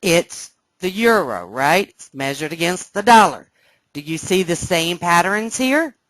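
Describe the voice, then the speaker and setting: A woman teaching a live trading webcast, explaining step by step and often checking that listeners follow, sounding excited. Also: on the low side, a little slow, no room sound. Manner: excited, animated. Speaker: trading instructor. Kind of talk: live trading room lesson.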